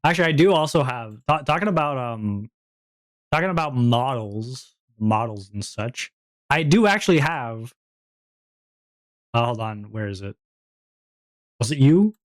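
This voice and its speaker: A man streaming and chatting casually, rambling and breaking into high-pitched giggles. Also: expressive, unhurried, long pauses, dry recording, studio quality. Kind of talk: casual chat.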